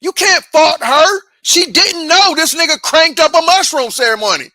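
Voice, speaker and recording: A woman with a high, bright voice hosts a reaction show, cutting in with blunt, profane commentary. She hammers the same point again and again. The sound is dry and close. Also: moderate pace, dry recording. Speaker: commentary channel host.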